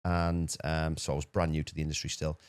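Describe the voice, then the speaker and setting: Rumbling low and clean, this UK man's voice is captured in a dry, studio-quality recording. As a podcast guest he rattles off an animated anecdote in a casual way, with plenty of repeated words.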